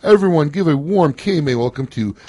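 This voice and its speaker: A man's voice: fairly high pitch, fairly quick. A man hosting a casual radio talk show, teasing his guests and joking between questions. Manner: jokey, teasing, lively interviewer.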